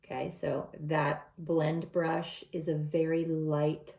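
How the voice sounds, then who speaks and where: A woman's voice: low voice, little pitch movement, slow pace, vocal fry, mellow. A middle-aged woman talking through a makeup tutorial step by step in a casual, chatty way. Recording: echoey room.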